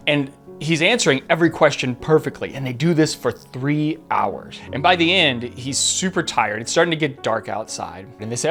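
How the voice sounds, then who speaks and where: Male podcast host, earnest storyteller, average pitch, faint guitar bed. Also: expressive, a little fast, few pauses. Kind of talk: storytelling narration. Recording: faint guitar music behind. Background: soft guitar music.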